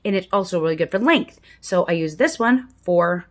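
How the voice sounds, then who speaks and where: A woman in her fifties chatting casually to camera from her desk at home about her makeup routine. She is frank and self-mocking and sometimes drops into soft muttered asides. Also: lowish voice, animated, moderate pace. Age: 50s. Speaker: vlogger doing a makeup routine.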